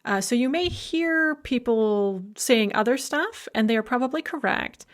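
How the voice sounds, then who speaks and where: A woman lecturer with a somewhat high voice walks through grammar in a recorded university lecture. She explains clearly and methodically, with an occasional filler, in a steady teaching tone. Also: unhurried. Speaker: language lecturer.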